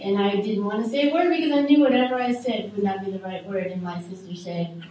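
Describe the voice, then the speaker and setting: A woman's voice: medium pitch, animated, a little mellow, dull audio, slight background noise. Middle-aged woman telling her story, echoey room. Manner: candid, halting, wry asides. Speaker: speaker sharing her life story. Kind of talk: personal testimony to a live group. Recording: echoey room heard from a distance.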